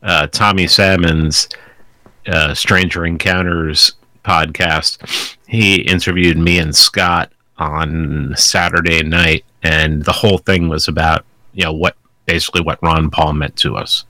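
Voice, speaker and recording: Bright-voiced man rambling through stories. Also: a bass voice, fairly even intonation, measured pace, no room sound. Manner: rambling, restarting storyteller. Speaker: podcast guest. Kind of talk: casual chat.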